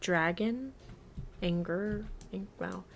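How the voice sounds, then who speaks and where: A young woman in her twenties chats casually through a live gaming stream at her home computer. Her voice sits at an everyday middle pitch, and she keeps up a loose running talk with her chat and her cat. Keyboard typing clicks behind her. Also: takes it slowly. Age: 20s. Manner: chatty, talks to her cat and reads chat.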